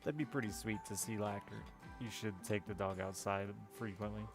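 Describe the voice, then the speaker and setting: A man's voice: lowish voice, fairly even intonation, normal speed. A man streaming a game, chatting casually with wry, profane reactions. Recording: music playing behind the voice.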